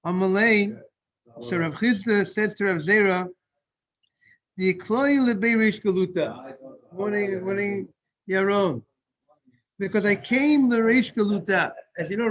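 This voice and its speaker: Teaching a Talmud lesson, a male rabbi speaks in a high, fairly bright voice. His explanations proceed step by step, with frequent repeated and restarted phrases and interruptions to greet people joining in.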